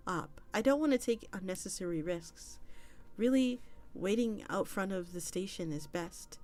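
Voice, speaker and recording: A woman's voice: medium pitch, animated, moderate pace, a little mellow, faint music behind. A woman streamer reading an internet story aloud in a casual way, with small slips and restarts.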